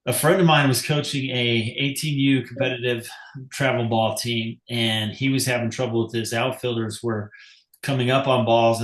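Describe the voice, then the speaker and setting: A man's voice: medium pitch, fairly bright tone. A man with an ordinary mid-range voice hosts the conversation and tells stories thoughtfully. His voice carries a noticeable room echo. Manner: reflective, explanatory storytelling. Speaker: podcast host, coach. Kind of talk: casual interview talk. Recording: echoey room.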